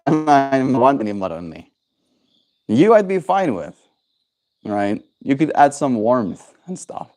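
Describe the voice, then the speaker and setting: A young South African man with a South African accent, musing softly as he chats on a livestream, slow and soft-spoken. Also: medium pitch, very animated. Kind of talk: reflective livestream chat.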